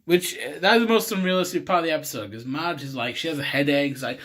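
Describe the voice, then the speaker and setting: A man's voice: fairly high pitch, lively intonation, quick pace, few pauses, bright, forceful tone. A man hosting a comic vlog, rambling and swearing as he retells a cartoon episode with laughs. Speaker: host.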